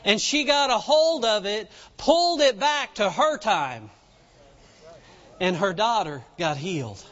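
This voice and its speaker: A man preaches a sermon in a noticeably high voice, retelling scripture in homespun words and building to fervent emphasis. His voice rings out with a long reverb, as in a large hall, and the recording sounds muffled and dull. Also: animated, takes it slowly, a bit bright. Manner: retells scripture in plain folksy speech, rising to fervent emphasis.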